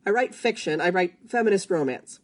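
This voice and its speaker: A woman's voice: on the low side, lively intonation, a little fast. A woman, a fiction author, chatting casually in a conversation, with wry, self-aware asides. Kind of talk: casual chat.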